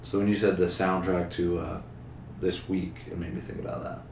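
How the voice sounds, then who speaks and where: A young podcast host conducts a casual interview, playfully rambling as he quizzes his guests. His voice is low and darkish, with flat delivery at a moderate pace. The recording is roomy, with a faint hum in the background.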